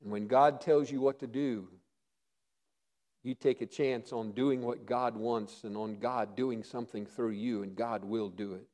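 A man preaching a sermon as pastor, telling Bible stories and acting out their dialogue, dropping to a hush and rising again. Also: medium pitch, fairly even intonation, measured pace. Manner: storytelling preacher acting out dialogue, swinging loud and soft.

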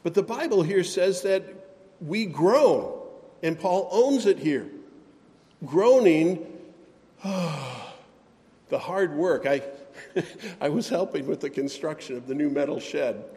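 A man's voice: a little high, expressive, unhurried, dark tone, long reverb tail. A man preaching a sermon as pastor, earnest and emphatic, with sighs and light self-deprecating asides.

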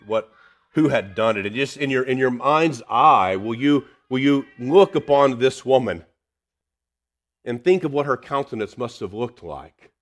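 A man preaching a sermon, swinging between loud emphasis and hushed tenderness. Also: medium pitch.

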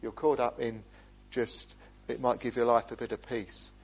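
A man preaching a sermon, earnest, his voice rising for emphasis and dropping low. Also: little pitch movement, normal speed, husky, rough recording.

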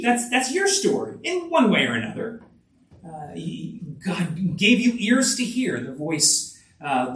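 A man preaching a sermon in an earnest, conversational way, often restarting phrases. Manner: earnest, with frequent restarts and lively rises in pitch. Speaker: pastor. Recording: echoey room, voice from a distance.

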